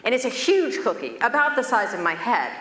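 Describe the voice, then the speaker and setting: A woman's voice: fairly high pitch, brisk, slight background noise. Woman lecturing in an echoey hall. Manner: conversational lecturing with animated, expressive storytelling. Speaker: physician giving a conference keynote. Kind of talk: conference keynote lecture. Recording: echoey hall with long reverb, faint ambience.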